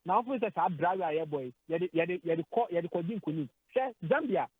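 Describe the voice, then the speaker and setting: A man's voice: high voice, expressive, a little fast, phone-quality sound, slight background noise. A man with a Ghanaian accent talking sports on the radio, getting emotional, hesitating and repeating words as he switches between Twi and English. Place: radio studio.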